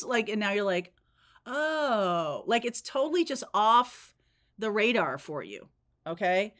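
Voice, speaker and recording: Woman, tarot reader, casual rambling monologue, mid-range pitch, frequent check-ins with the listener. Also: expressive, normal speed, a bit bright. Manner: chatty, rambling, frequent "like" and "okay?". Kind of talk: spontaneous tarot reading monologue.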